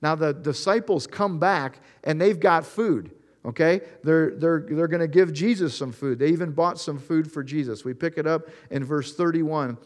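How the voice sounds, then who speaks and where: Speaking at a normal speed in a slightly high voice, a pastor delivers a sermon addressed earnestly to his audience. Bible stories are retold with the characters voiced through quoted lines.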